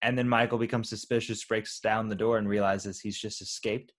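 A man's voice: lowish voice, flat delivery, a little fast. A man casually talking over a film's scenes with a friend, easygoing and sometimes searching for the right word. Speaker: podcast co-host. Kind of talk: casual conversation.

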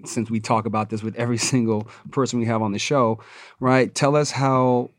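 A man's voice: medium pitch, flat delivery, brisk, no room sound. A man co-hosting a talk show, asking questions and affirming the guest often. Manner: encouraging, frequent affirmations. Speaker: podcast co-host. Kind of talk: interview questions.

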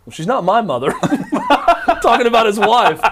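A man's voice: high-pitched, expressive, fast, noisy background. Emphatic rambling male talk host. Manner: rambling, self-deprecating, emphatic storyteller. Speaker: radio talk show host. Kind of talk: casual talk show banter.

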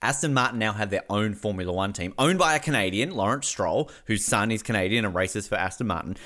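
A man's voice: lowish voice, lively intonation, fairly quick, pushed and bright. A man co-hosting a podcast in casual chat, rambling and joking with crude asides. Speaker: podcast co-host.

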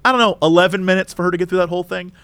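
A man's voice: high voice, rapid-fire, a bit bright, smooth, no echo. A man co-hosting a podcast, animatedly retelling a story in casual chat with laughter. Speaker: podcast co-host.

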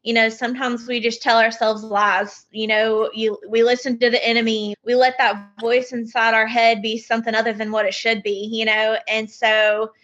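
A woman's voice: a little high, level tone, normal speed, hardly any pauses, fairly bright tone. Affirming woman on dull, muffled audio. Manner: affirming, reflective. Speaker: podcast co-host. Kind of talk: casual podcast chat.

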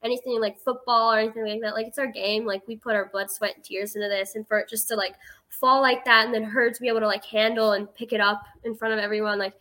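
A woman's voice: a little high, level tone, quick pace, sharp tone. An eighteen-year-old woman telling a story as a guest in a casual interview, chatty and filling her speech with "like".

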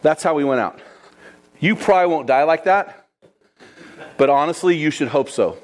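Male preacher, casual and animated, talks straight to the congregation. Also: a little high, normal speed. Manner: lively, conversational, addresses listeners as guys. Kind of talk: sermon storytelling.

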